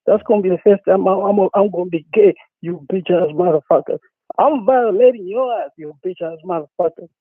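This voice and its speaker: A man's voice: sits high, fairly quick, slightly rough, dry recording. A man calling in to a talk show, ranting with a profane, repetitive, worked-up manner. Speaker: caller. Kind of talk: angry phone-in rant. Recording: tinny phone line.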